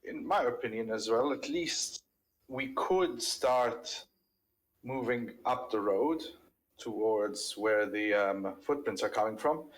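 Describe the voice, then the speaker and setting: A man playing a tabletop game, discussing plans in a polite, deliberate way and thinking aloud. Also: mid-range voice, lively intonation, poor audio. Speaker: player. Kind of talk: in-character tabletop play discussion.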